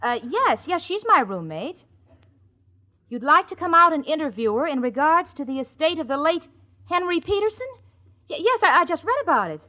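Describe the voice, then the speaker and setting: Sensible roommate, high bouncy voice, dull old radio audio. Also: female voice, very animated, normal speed, sharp tone, full character voice. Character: sensible young woman roommate. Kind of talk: 1940s radio sitcom acting.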